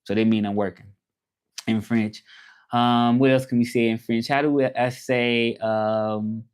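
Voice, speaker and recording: A man from Memphis, hosting a casual live chat and repeating his phrases slowly as he thinks them over. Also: medium pitch, steady tone, clear, resonant tone. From Memphis, Tennessee, USA. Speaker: livestream host.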